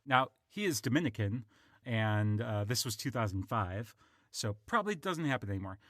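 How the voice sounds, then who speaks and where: A man's voice: mid-range voice, animated, moderate pace, fairly bright tone, dry recording, studio quality. A man hosting a casual podcast chat, talking in a hesitant way with many ums and uhs. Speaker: podcast host.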